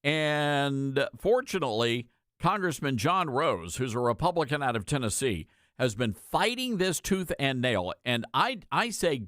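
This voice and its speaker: A man's voice: mid-range voice, very animated, a little slow, fairly bright tone, no echo, studio quality. A man hosting a talk radio show, with a folksy, sarcastic way of talking. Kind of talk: conservative talk radio commentary.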